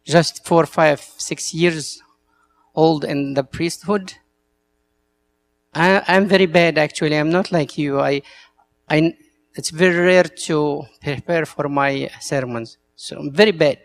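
A man's voice: a little high, slow pace, gravelly. A male priest with an Egyptian Arabic accent, a native Arabic speaker, giving an earnest talk to church servants and telling stories in broken English.

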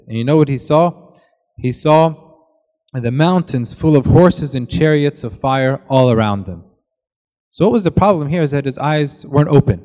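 A man preaches in a casual, conversational way and keeps checking in with his listeners through rhetorical questions. His voice sits a little higher than most men's. A long reverb trails behind him, as if he were in a large hall. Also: a little mellow. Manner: casual, asks rhetorical "right?" often. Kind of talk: conversational sermon.

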